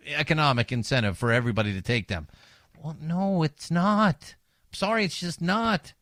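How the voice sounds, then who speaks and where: A man hosting a talk radio show as a fill-in, delivering an animated, sarcastic monologue into a studio microphone. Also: fairly high pitch, no room sound. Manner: animated, sarcastic, mocks opponents.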